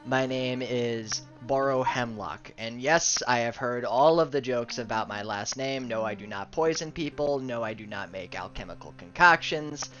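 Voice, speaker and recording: Man voicing a prim, proper druid ally; stiff and clipped, bright tone, lo-fi recording. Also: medium pitch, moderate pace, few pauses, soft background music, lightly acted. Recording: muffled lo-fi audio.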